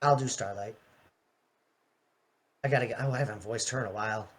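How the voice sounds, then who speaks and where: A woman's voice: very deep voice, brisk. A woman narrating a fan voice-acting dub in a casual, matter-of-fact way. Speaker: narrator and voice actor.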